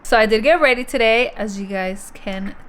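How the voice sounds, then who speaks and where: A woman's voice: on the high side, moderate pace, slight background noise. A young woman chatting casually in a book vlog at home, swearing casually and laughing often. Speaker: book vlogger.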